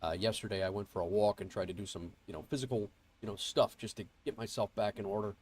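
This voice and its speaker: A man's voice: lowish voice, steady tone, quick pace, a little mellow. A man streaming a flight sim, chatting casually and greeting viewers, nasal and congested from a cold and rambling with fillers and restarts. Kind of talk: casual livestream chat. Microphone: earbuds mic.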